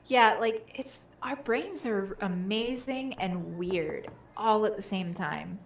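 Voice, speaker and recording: A woman's voice: mid-range voice, expressive, takes it slowly, gravelly, reverberant, slight background noise. A woman in casual chat who rambles with many fillers.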